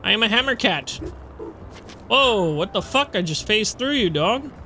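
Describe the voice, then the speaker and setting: A gamer giving casual running commentary over gameplay, chatty and swearing freely, with loud frustrated outbursts. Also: mid-range voice, animated, measured pace, a little hiss or hum. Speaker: let's play gamer.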